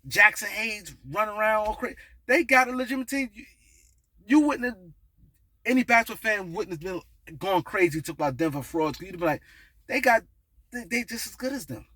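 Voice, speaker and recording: A man's voice: sits high, fairly quick, sharp tone, no room sound. A man hosting his own basketball commentary, talking casually and animatedly with slang and frequent restarts. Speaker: sports commentary host. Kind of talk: casual basketball opinion monologue.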